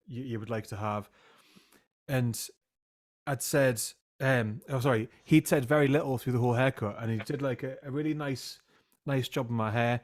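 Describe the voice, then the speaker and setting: Self-mocking man telling stories. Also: medium pitch. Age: 30s. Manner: self-mocking anecdotes, laughs often. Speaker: podcast host and music teacher. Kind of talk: casual chat.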